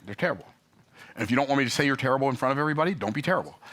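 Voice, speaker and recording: A man telling an animated, exasperated story in an emphatic, sarcastic vlog rant. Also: medium pitch, racing, a little hiss or hum. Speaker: business vlogger.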